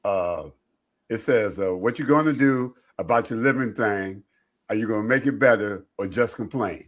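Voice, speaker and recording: A middle-aged man, a radio host guesting on a podcast, easygoing and quick to laugh. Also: lowish voice. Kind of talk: casual chat.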